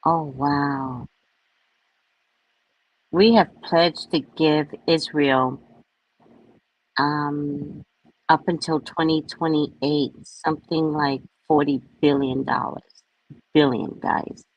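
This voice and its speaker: An American woman hosting a casual livestream, talking to her chat in an animated way and laughing often. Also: low voice, takes it slowly, gravelly, pauses often, dry recording, lo-fi sound. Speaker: livestream host.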